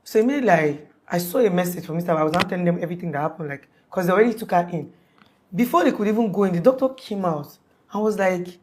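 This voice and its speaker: A young woman recounting a harrowing night as a witness, her voice sitting a little low. She rambles, breaks off and restarts, and slips into the voices of the people she quotes. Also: fast talker, darkish tone. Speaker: witness telling her story. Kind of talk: emotional storytelling in an interview.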